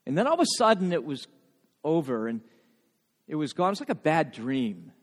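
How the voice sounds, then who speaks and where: Man preaching, middle-aged pastor, fairly high voice, loud then hushed, stammers on repeats, long church reverb. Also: sing-song, moderate pace. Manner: dramatic swings between loud and hushed; repeats words when emotional. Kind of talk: sermon. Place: church sanctuary. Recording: long reverb of a large hall.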